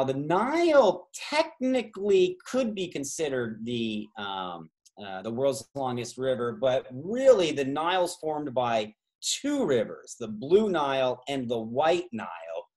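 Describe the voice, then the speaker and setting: A man's voice: medium pitch, sing-song, measured pace, darkish tone. A man from Canada hosting a travel trivia game over a video call, rambling through side stories with many fillers. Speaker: trivia host and tour guide.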